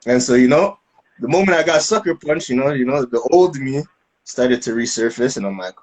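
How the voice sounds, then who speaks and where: Man, podcast co-host, casual storytelling, animated, filler-heavy, mid-pitched voice. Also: a little fast, rough recording. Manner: animated, loose, full of fillers and restarts; acts out voices with laughter.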